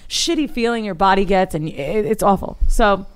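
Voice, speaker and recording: A woman tells a story on a podcast with plenty of swearing and theatrical flair. Her voice sits at an ordinary middle pitch, and her talk is casual and dramatic. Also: moderate pace, clean tone. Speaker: podcast co-host.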